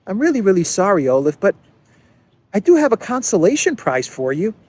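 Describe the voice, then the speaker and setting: A sheepish, apologetic head of government, as a man puts on a mocking impression, his voice pushed up high and soft. He sounds eager to please and pleads his case. The voice rises well above an ordinary man's talk. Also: very animated, brisk. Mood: pleading.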